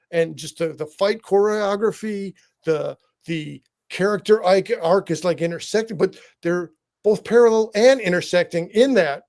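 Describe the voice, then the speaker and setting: A man co-hosting a live review show, talking excitedly in rambling tangents with frequent laughs. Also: high-pitched. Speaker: podcast co-host. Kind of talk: enthusiastic review chat.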